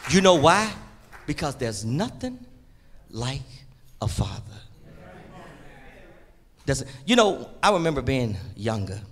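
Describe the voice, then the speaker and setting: A middle-aged man preaching a sermon in an emphatic, folksy way, repeating his key phrases. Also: medium pitch.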